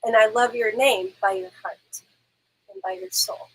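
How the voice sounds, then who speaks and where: A woman working as a medium, giving gentle, reassuring readings on a live stream. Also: on the high side, very animated, moderate pace, creaky, slightly rough, poor audio.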